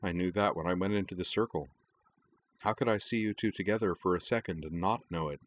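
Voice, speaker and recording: A man voicing a gentle, wistful young man in a story reading, soft-spoken and kind. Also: sits low, a little fast, a little hiss or hum, natural voice.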